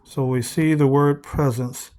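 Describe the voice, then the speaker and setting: A man teaching a Bible study, reading scripture slowly and deliberately and putting rhetorical questions to his listeners, whom he calls family. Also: mid-range voice, steady tone, dark tone.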